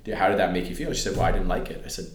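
Deep-voiced man in a roomy space. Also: racing. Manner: animated storyteller who acts out family dialogue. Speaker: interview guest. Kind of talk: casual interview conversation. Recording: roomy echo.

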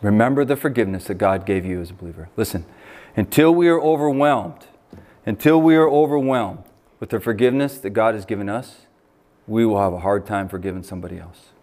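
A man's voice: on the low side, fairly quick, a little mellow. An American man preaching a sermon as pastor, reading scripture and adding emphatic asides.

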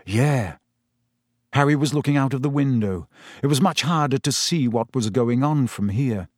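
A man's voice: mid-range voice, normal speed, a little mellow, no room sound, studio quality. Man narrating an audiobook. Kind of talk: scripted narration.

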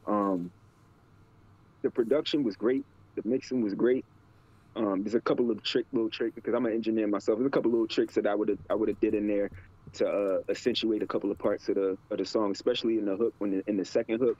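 A man's voice: fairly low pitch, steady tone, fast talker, mellow, breathy edge, dull audio. A man co-hosting a podcast, reviewing a song in an easygoing, slangy way. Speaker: podcast co-host and audio engineer. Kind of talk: casual chat.

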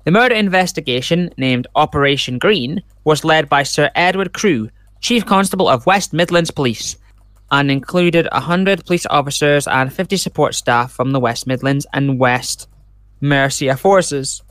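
A man's voice: on the high side, normal speed, a bit bright, dry recording, clean studio sound. A man hosting a casual true crime podcast, reading case details aloud and rambling into side comments. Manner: rambling, reads case notes aloud with chatty asides. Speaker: podcast host.

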